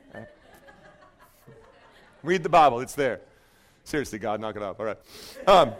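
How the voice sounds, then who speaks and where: A man preaching a sermon in a church, telling a story with jokes and playful asides to the congregation. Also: on the low side. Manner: joking, animated storytelling. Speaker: pastor.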